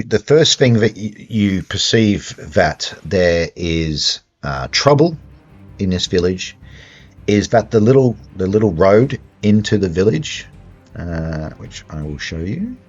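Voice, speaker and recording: A man narrating a tabletop horror game as game master, speaking haltingly with many fillers and restarts. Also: low-pitched, animated, a little mellow. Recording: dull lo-fi sound with faint music.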